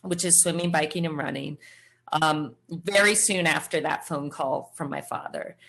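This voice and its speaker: Middle-aged woman guest, lower voice, lively storyteller, plays the other voices in her story. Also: normal speed, vocal fry. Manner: animated storyteller acting out quoted voices. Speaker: guest, former triathlete. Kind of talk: storytelling interview answer.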